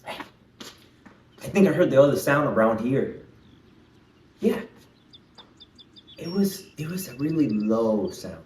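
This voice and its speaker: A children's language teacher runs a playful lesson, his pitch bouncing in an animated singsong as he speaks slowly and directly to young kids. He sounds distant from the mic in an echoey room, with slight background noise.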